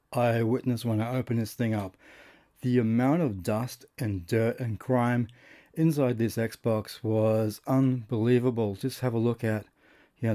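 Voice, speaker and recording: A man's voice: medium pitch, dark tone. An Australian man casually narrating his restoration of an old game console, chatty and rambling, with lots of fillers and restarts. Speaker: host of a retro console restoration channel.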